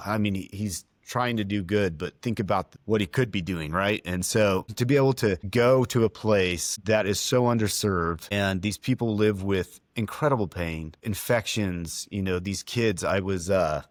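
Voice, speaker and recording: Earnest, emotional man with a lowish voice. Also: moderate pace, hardly any pauses, no room sound, clean studio sound. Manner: earnest, heartfelt, emotional storytelling with restarts. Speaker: dentist and podcast co-host. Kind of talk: reflective podcast conversation.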